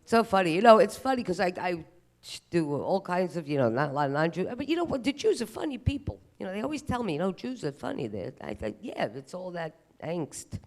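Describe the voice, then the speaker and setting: Stand-up comedian, man, self-mocking set on stage, fairly high, lively voice. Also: fast. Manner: animated, self-deprecating delivery. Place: live comedy stage at a museum event.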